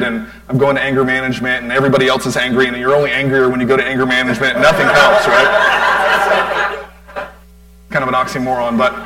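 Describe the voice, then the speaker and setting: A man's voice: mid-range voice, bright, forceful tone, rough recording. A man in his forties telling a personal testimony to a church crowd, rambling with lots of fillers and asides to the audience. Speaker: church speaker giving a tribute.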